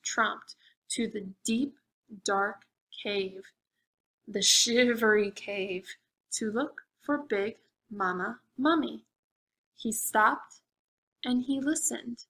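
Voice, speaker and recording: A woman librarian leads a preschool storytime, reading aloud in an animated way and asking the children questions. Her voice is bright and she takes her time. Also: fairly high pitch, extremely slow, poor audio.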